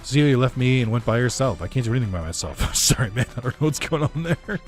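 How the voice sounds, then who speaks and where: A man chatting casually as he plays a video game, his voice pitched in an ordinary middle range. He rambles in a loose, laid-back way, full of "like" and "uh", with the odd curse word. Quiet game music plays underneath. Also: animated, fast talker. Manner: rambling and laid-back, with frequent fillers and swearing. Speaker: let's play commentator. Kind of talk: casual gaming commentary.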